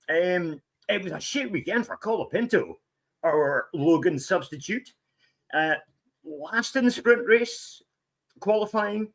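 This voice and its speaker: A man guest-hosting a casual racing chat, his rather high voice swinging up and down as he rambles. He jokes his way through the recap and fills gaps with ums and uhs. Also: a bit bright. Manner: rambling and jokey, with many fillers. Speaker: guest host. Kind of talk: casual sports commentary chat.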